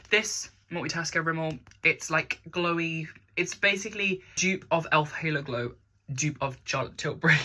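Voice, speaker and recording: Bright-voiced chatty young woman. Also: deep voice, a little hiss or hum. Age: young adult. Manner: rambling, chatty, self-mocking. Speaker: makeup vlogger. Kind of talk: casual makeup tutorial chat. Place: bedroom.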